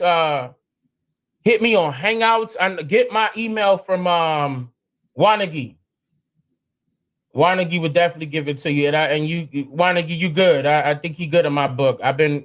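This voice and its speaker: A man hosts a live stream at normal speed, chatting casually in slang, animated and given to sudden high exclamations.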